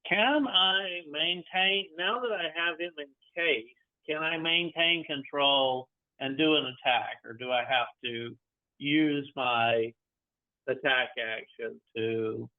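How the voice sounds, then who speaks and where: A man playing a tabletop game who thinks out loud with an eager manner. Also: mid-range voice, slow. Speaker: player. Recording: tinny phone-like line.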